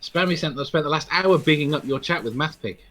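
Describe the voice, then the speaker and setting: A man's voice: fairly high pitch, a little fast, sharp tone. A man chatting casually on an online hangout, giggly and teasing.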